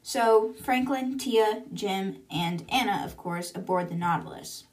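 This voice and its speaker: A woman's voice: medium pitch, measured pace. A woman hosting a book podcast, chattily retelling a novel with lots of "and she's like" asides. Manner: chatty, with many "and she's like" and "blah, blah, blah".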